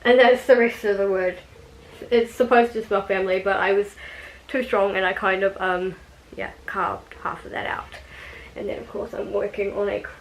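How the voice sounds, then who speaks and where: A woman's voice: mid-range voice, steady tone, moderate pace, rough recording. A young woman chatting casually to her vlog audience, rambling with frequent ums and light laughs. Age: young adult. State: out of breath. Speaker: vlogger.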